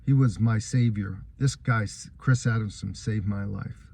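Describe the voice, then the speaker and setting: A man's voice: on the low side, unhurried, creaky, darkish tone, a little hiss or hum. A man giving a first-person account of his court case, earnest and aggrieved, telling what happened step by step.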